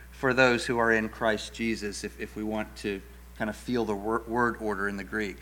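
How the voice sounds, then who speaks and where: A middle-aged man delivers an earnest teaching sermon as a pastor, his tone bright and forceful. He often trips into restarts and repeated words, then leans heavily on the words he wants the listeners to hold onto. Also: on the low side, level tone, moderate pace. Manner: leans hard on key words for emphasis.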